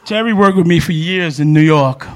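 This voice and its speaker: A man's voice: on the high side, moderate pace. An older man, a guest at a live show, telling a chuckling anecdote in casual chat.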